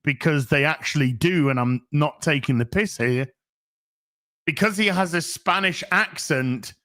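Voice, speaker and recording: A British man ranting as a show host, dry and scornful. He speaks slowly in a fairly high, bright voice. His sarcasm is deadpan throughout. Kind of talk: ranting video commentary.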